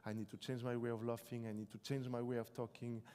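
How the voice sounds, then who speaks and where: A man's voice: medium pitch, level tone, warm tone. Young French man speaking in a reverberant hall. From France. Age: 20s. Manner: reflective, halting, with many restarts. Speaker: author being interviewed. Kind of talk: live stage interview. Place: debate hall on stage.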